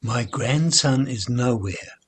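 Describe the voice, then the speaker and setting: A man voicing a sad older grandfather who speaks haltingly, with stammers and pauses. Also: medium pitch, slightly rough. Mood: grieving. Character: grieving older grandfather, once grumpy.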